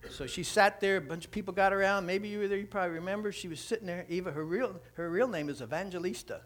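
A man preaching a sermon, telling stories with animated, acted-out quotes. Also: high voice, quick pace. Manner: animated storytelling, acting out quotes. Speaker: pastor.

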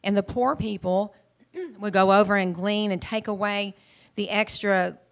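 A middle-aged woman preaches from the pulpit and retells a Bible story in a casual, conversational sermon. Her voice sits at an ordinary middle pitch. She stumbles and restarts often and stops now and then to clear her throat. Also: a little slow. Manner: casual and chatty, with frequent restarts.

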